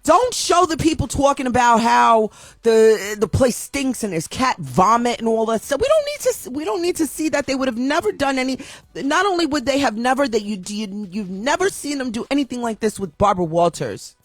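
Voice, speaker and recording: A woman's voice: a little high, lively intonation, moderate pace, no echo, faint music behind. A woman ranting in an emotional opinion vlog, upset and repeating herself with frequent restarts. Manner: impassioned, repetitive ranting with many restarts. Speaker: video commentator.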